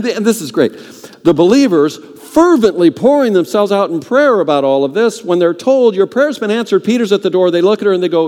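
A middle-aged male pastor telling a story in a sermon, animated, acting out the voices of the people in it. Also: high-pitched, normal speed. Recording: long hall reverb.

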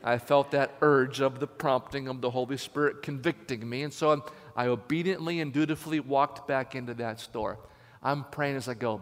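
A man preaching a sermon as a lively story, acting out the people in it. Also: mid-range voice, moderate pace. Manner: animated, acts out voices. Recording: long hall reverb.

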